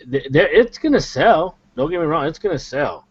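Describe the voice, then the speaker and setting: A man's voice: on the high side, sing-song, normal speed, breathy edge, no echo, dull audio. Hesitant, stammering podcast man. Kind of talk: casual gaming podcast chat.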